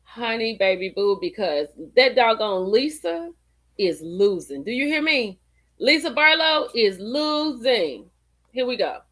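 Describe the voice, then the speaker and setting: Woman livestream host, casual gossip chat, lively swooping voice, high-ish. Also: a little slow. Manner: animated, chatty, addresses viewers as y'all and girl.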